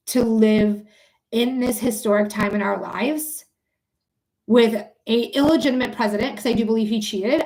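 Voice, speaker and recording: A woman's voice: a little high, darkish tone. A woman hosting a psychic livestream, thanking viewers and ranting angrily with lots of swearing. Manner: swears freely, talks straight to viewers. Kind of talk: casual livestream chat and ranting.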